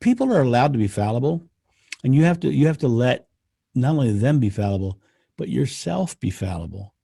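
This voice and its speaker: Animated man with a lively voice. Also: mid-range voice, fairly quick, creaky, slightly rough, no room sound, clean studio sound. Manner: animated, laughs often, rants with enthusiasm. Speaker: podcast guest. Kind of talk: casual conversation.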